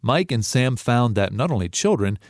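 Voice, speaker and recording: A male narrator with a middling pitch lets his voice rise and fall with animation. He speaks directly to the listener as he narrates a news feature. The recording is dry and close. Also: very animated, normal speed, no echo.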